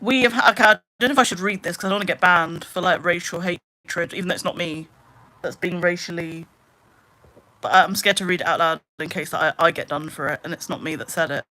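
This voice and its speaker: Woman, young adult, live streamer, bright tone, ranting, reads chat aloud. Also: medium pitch, expressive, fairly quick. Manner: ranting, exasperated, talks straight to chat. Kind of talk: casual live-stream chat, reading viewer comments.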